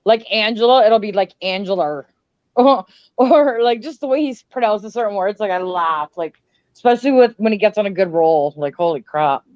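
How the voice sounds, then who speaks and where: A woman's voice: mid-range voice, normal speed, darkish tone, no room sound. Giggly Canadian woman on a muffled stream. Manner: giggly, chatty, lots of "like". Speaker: livestream host. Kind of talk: casual livestream chat.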